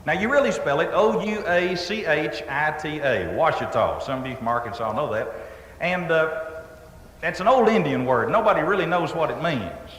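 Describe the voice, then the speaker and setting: A Texan man spins a comic yarn in a folksy drawl, landing deadpan punchlines. His voice sits a bit high for a man. The recording rings with the long echo of a big hall, and a faint hiss sits underneath. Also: normal speed. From Texas. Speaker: storytelling humorist. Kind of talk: stand-up storytelling before a live audience.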